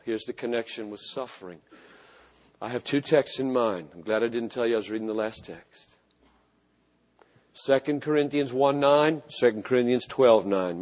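A man preaching a sermon with passion, swinging from loud emphatic repetitions to hushed, low phrases. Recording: long hall reverb.

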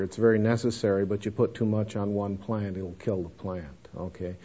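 A man's voice: fairly low pitch, a little mellow. A man giving a missions lecture with anecdotes, folksy and emphatic, calling his listeners folks. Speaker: missions speaker. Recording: dull lo-fi lecture recording.

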